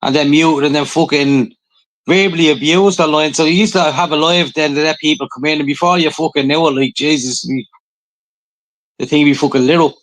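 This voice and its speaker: A man's voice: fairly high pitch, fairly quick, low-quality recording. A man with an Irish accent co-hosting a podcast, chatting casually and swearing often as he tells stories. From Ireland. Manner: swears often, animated storytelling. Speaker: podcast co-host. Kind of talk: casual chat.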